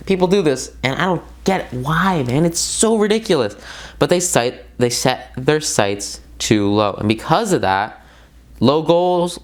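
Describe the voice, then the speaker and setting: A man giving a casual motivational book commentary, excitable and emphatic, repeating words for stress and talking straight to his viewers with loose, rambling asides. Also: medium pitch, clear, resonant tone. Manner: loose and rambling, with many fillers and side tangents. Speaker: self-help book reviewer.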